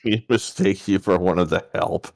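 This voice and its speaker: A man playing a tabletop game, relaxed and a little hesitant as he describes his moves. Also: low-pitched, moderate pace, vocal fry, background noise. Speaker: player. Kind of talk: casual tabletop game chat.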